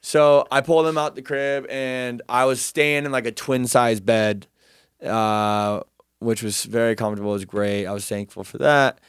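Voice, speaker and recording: Young man, casual storyteller, profane and self-mocking, smooth voice, dry close mic. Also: mid-range voice, fairly even intonation, moderate pace, dry recording.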